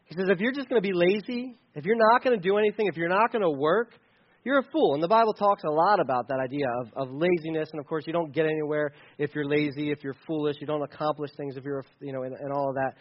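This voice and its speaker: On a lo-fi recording, a man with a voice on the high side preaches fast and conversationally about a Bible passage. The sermon is casual and rambling, with playful asides where he acts out examples.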